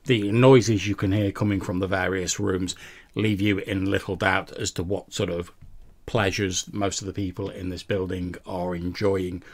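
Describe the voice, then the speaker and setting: Gravelly-voiced male game master. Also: sits low, flat delivery, moderate pace. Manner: descriptive, with frequent restarts. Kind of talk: narrating a tabletop game.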